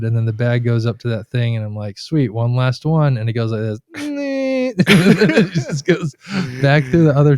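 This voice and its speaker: A man's voice: medium pitch, smooth, no room sound, clean studio sound. A man co-hosting a podcast, telling long rambling travel stories in casual chat and acting out the people in them. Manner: rambling storyteller, animated retellings. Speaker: podcast co-host.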